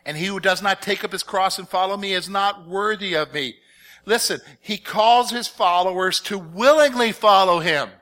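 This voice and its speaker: Animated high-voiced male preacher. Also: moderate pace. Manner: animated, conversational preaching with direct questions to the congregation. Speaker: pastor. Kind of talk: sermon.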